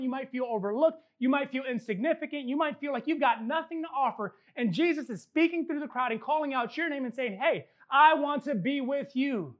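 Woman pastor, high voice, emphatic sermon delivery built on repetition, quick humorous asides. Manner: emphatic preaching with repeated phrases and joking asides.

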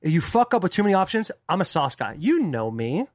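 A man's voice: high voice, sing-song, fairly quick, no echo, studio quality. A man from Arizona co-hosting a casual chat, telling rambling stories full of crude slang. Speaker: podcast co-host.

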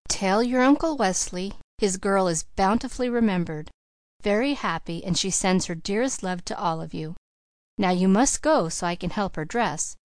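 A woman reading the part of a kindly, composed grown woman who speaks in a gentle, reassuring, measured way. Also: mid-range voice, animated, dry recording, natural voice.

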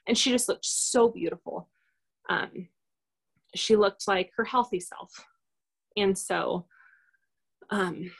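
A woman guest talks through a personal experience in a loose, unscripted way. Her voice has a gravelly, creaky texture, and she keeps pausing on fillers and restarting her sentences. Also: medium pitch. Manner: rambling, hesitant, many fillers. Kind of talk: casual personal storytelling in an interview.

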